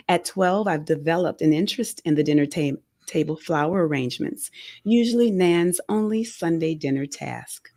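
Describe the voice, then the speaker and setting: Woman author, low gravelly voice; measured, expressive reading of her memoir, dry studio sound. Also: no room sound. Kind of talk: reading a memoir excerpt aloud. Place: radio studio. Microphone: studio microphone.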